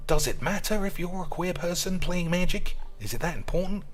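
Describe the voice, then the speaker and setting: A man's voice: high voice, animated, brisk. A man giving teasing, drawling commentary on his gameplay stream. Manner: drawling, teasing, addresses viewers as boys and lads.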